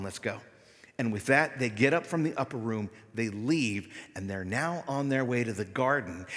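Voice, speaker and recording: Male pastor, bright and higher-pitched, casual preaching style, long hall reverb. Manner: conversational preaching, animated when voicing the disciples. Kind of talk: sermon. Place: church sanctuary.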